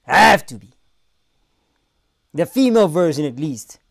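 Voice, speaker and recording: A man hosting a live reaction stream, loud and animated, with crude banter and put-on voices. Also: fairly high pitch, unhurried, creaky, no echo, clean studio sound.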